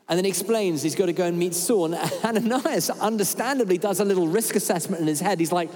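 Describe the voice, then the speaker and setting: A man preaching a sermon. He is animated and humorous and acts out bits of dialogue. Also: high-pitched, quick pace, few pauses. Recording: reverberant church hall.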